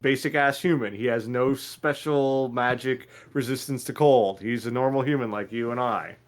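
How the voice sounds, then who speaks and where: A man's voice: mid-range voice, moderate pace. A man co-hosting a casual podcast chat, rambling with lots of fillers and restarts and laughing easily. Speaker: podcast co-host.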